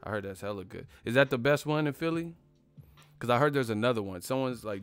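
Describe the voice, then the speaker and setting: A man talks loosely on a live stream, rambling and swearing freely and chuckling at his own jokes. His voice sits at an everyday middle pitch. Quiet music plays faintly behind him. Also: quick pace. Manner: profane, rambling, laughs at himself. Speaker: boxing commentary host. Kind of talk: casual live-stream rant.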